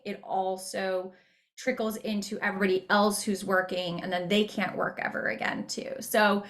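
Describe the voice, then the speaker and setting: Chatty young woman guest, bright and forceful tone, laughs easily. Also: medium pitch. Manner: chatty, laughs often, quick asides. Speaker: voice actor guest. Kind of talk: casual interview chat.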